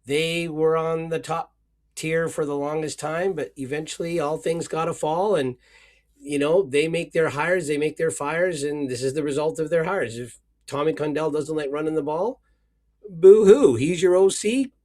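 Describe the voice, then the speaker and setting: Sarcastic male co-host, somewhat high voice. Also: steady tone, normal speed. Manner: sarcastic, mock-emotional rants. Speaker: podcast co-host. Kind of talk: casual sports chat.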